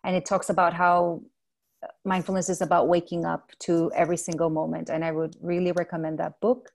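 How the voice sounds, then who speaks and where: A woman with a low, gravelly voice, a native Spanish speaker talking in English. She speaks gently and thoughtfully, often stopping to correct herself, in a relaxed interview over a video call. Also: brisk. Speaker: guest, mindfulness mentor. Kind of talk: casual interview chat.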